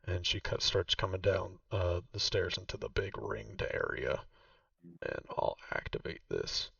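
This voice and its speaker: A man's voice: low-pitched, sing-song, unhurried, creaky, fairly bright tone, dry recording. A man narrating as game master, rambling casually with many fillers, recorded on a dull, distant mic.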